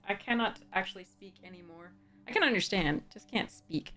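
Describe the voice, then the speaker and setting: A woman's voice: mid-range voice, normal speed. A woman in a casual live stream, thinking aloud about card picks and chatting with viewers, a little tired. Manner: chatty, thinks aloud, greets chat warmly. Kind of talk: casual live-stream chat while drafting cards.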